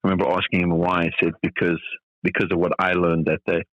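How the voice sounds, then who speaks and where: A man's voice: deep voice, flat delivery, quick pace, no room sound, lo-fi sound. A middle-aged man from South Africa, a tennis coach being interviewed on a podcast, talking thoughtfully with many fillers and restarts.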